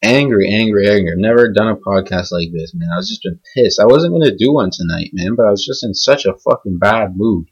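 Furious and profane, a young man rambles through an unplanned rant on his podcast. He talks briskly with few pauses in a lowish, slightly rough voice, recorded with lo-fi sound.

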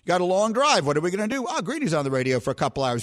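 A middle-aged radio and podcast host banters casually about sports in a high-pitched, sing-song voice at a very fast clip. He's playful, talkative and quick to poke fun at himself.

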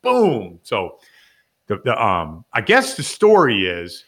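Bright-voiced man telling a wild story. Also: fairly low pitch, slow pace. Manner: lively anecdote-telling with heavy "like" fillers and acted-out quotes. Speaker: podcast guest, former player. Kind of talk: animated storytelling.

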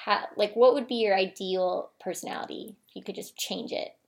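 A woman's voice: mid-range voice, steady tone, fairly quick, creaky. A woman co-hosting a comedy podcast in casual banter, playful and giggly, with a self-assured streak. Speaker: podcast co-host.

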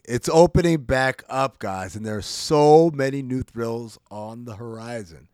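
A man's voice: medium pitch, measured pace, hardly any pauses, a little mellow, smooth, no echo, clean studio sound. A man reading an ad on his podcast in a playful, teasing, sing-song way. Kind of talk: host-read ad.

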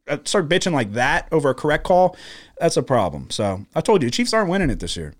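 A man's voice: fairly high pitch, expressive, fast talker. A man co-hosting a sports betting podcast from a studio, ranting in heated, profane casual talk. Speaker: podcast co-host.

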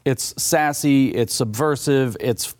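A man's voice: medium pitch, darkish tone, no echo, studio quality. Emphatic male interview guest. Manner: emphatic and argumentative, slows down to stress points. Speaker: author and guest.

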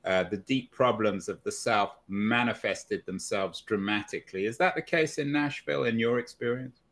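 A man's voice: lowish voice, normal speed, fairly bright tone. A man hosting an interview, asking pointed, probing questions about experiences with bias. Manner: probing questions, occasional stumbles. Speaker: interviewer host. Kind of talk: interview conversation.

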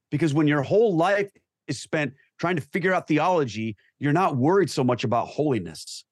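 A man's voice: fairly high pitch, animated, normal speed, no echo. Earnest male guest, dry close sound. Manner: earnest, emphatic, reflective. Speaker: guest, Catholic convert. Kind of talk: earnest talk show discussion.

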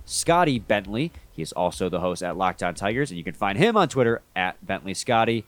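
A congested man with a head cold, hosting a sports podcast in a relaxed, rambling way that often restarts mid-sentence. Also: on the low side, brisk, few pauses, soft background music. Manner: relaxed, rambling, self-correcting. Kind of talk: casual sports podcast chat.

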